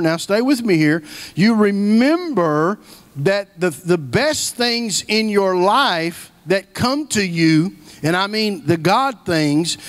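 A man's voice: sits high, a bit bright. A middle-aged man preaching a sermon, telling stories in a folksy way and repeating key phrases for emphasis. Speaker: guest preacher.

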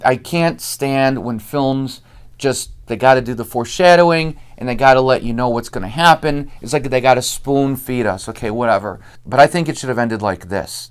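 A man's voice: mid-range voice, clean tone. A man casually chatting about a film, rambling and acting out lines as he goes. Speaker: host. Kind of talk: casual chat.

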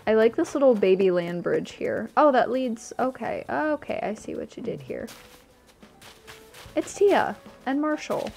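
A woman's voice: on the high side, lively intonation, normal speed, vocal fry, darkish tone, faint music behind. A woman giving casual, gushing commentary while she tours a game island, easily delighted and chatty. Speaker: streamer touring a game island.

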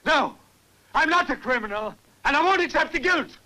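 An actor in a dubbed film playing a distraught young man who pleads and accuses and breaks into anguished shouts. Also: on the high side, lively intonation, normal speed, low-quality recording. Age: young adult. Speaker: young man confronting a professor.

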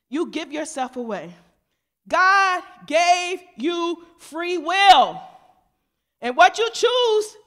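A woman pastor, preaching a lively, casual sermon. She talks with the congregation, mimics voices and moves between loud emphatic shouts and quiet asides. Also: very high-pitched.

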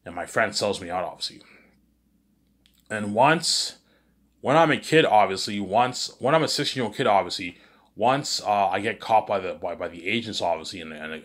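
A man telling a rambling story, stumbling over repeated words and swearing freely. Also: lowish voice. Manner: repeats words and keeps saying "you know what I'm saying". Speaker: vlogger pitching a movie idea.

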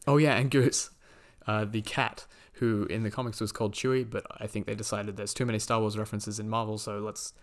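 A man's voice: lowish voice, level tone, a little fast, few pauses. A man hosting a podcast, chatting casually about a movie and recapping the plot with lots of fillers and quoted lines. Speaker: podcast host.

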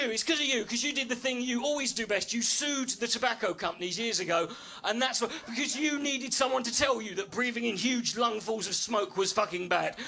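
Male stand-up, high bright voice, quick-fire delivery; brash, sweary, self-deprecating; live club mic with faint noise. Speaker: stand-up comedian. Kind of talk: stand-up routine. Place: comedy club stage with audience.

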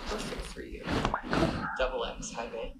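A man's voice: medium pitch, level tone, moderate pace, close to an everyday voice. An actor playing a sly young male ballet dancer in a TV drama, talking in a smug, teasing way. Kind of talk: TV drama acting. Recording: TV clip with clear background noise.

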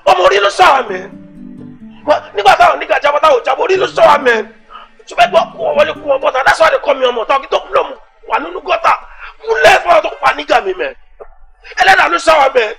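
A man's voice: very high-pitched, lively intonation, very fast, a bit bright, faint music behind, heavily acted, poor audio. An actor playing a brash young male street gang leader with a Nigerian accent, mixing Yoruba and Pidgin in a swaggering street voice. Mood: boastful. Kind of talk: Nollywood film acting.

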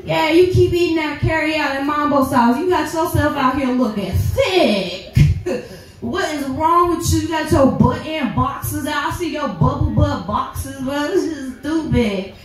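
A brash, high-voiced woman performs a stand-up set on a comedy club stage, speaking a little slowly, swearing, and laughing at her own jokes. The club sound is echoey and distant, with faint music.

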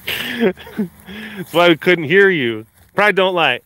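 A man's voice: sits high, big pitch swings, extremely slow, pauses often, sharp tone. A man hosting a live stream, reading viewer comments with playful teasing and frequent laughter. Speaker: livestream host at a big cat facility.

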